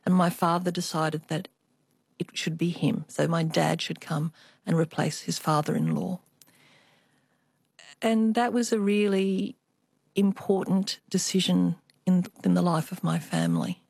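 A woman's voice: on the low side, animated, unhurried, gravelly, darkish tone, breathy edge, no room sound, studio quality. An older woman, an artist, telling family stories as a guest in a radio interview. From Australia. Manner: reflective storytelling, with small restarts.

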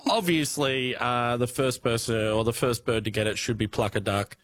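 A man's voice: mid-range voice, fairly even intonation, moderate pace, a bit bright, slight background noise. A man riffing as a comedian on a panel show, giggly and rambling.

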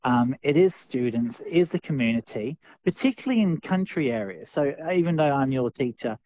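A man's voice: medium pitch, animated, fairly quick, dark tone, no room sound. Thoughtful Australian man, dry sound. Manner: thoughtful, many fillers and restarts. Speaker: drama teacher. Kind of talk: interview answers.

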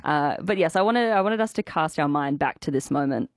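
A woman's voice: low-pitched, animated, brisk. A woman, a young radio host, chatting in a teasing and giggly way in a studio. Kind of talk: casual radio chat. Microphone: studio mic.

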